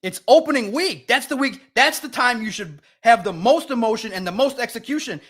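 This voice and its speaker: A man's voice: extremely high pitch, lively intonation, normal speed, a bit bright. A man hosting a live sports podcast, ranting bluntly and emotionally about a team's loss while reading viewer comments.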